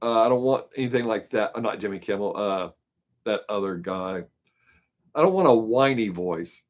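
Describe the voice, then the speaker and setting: Guy chatting on his live stream, rambly, thinking out loud, kinda trails off. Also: fairly low pitch, lively intonation, normal speed. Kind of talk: casual chat answering viewer questions.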